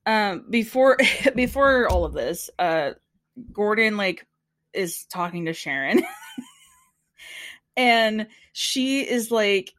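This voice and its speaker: A woman's voice: mid-range voice, takes it slowly, pauses often, no echo. A woman casually recapping a TV episode with a co-host, acting out the people she quotes and laughing often. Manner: animated storytelling, quotes people in put-on voices, laughs often. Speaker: podcast co-host.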